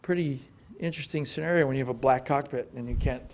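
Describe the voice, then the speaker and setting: A man, talking as a guest in an onstage conversation, relaxed and rambling with many restarts. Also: medium pitch, quick pace, lo-fi sound, slight background noise. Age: late 50s. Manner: relaxed storytelling, frequent restarts and "you know". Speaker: film actor as interview guest. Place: film institute stage before an audience.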